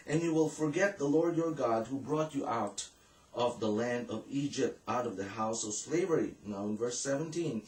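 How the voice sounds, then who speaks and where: A man preaching a sermon as pastor, reading scripture aloud in a measured way. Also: medium pitch. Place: church hall. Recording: echoey room, voice from a distance.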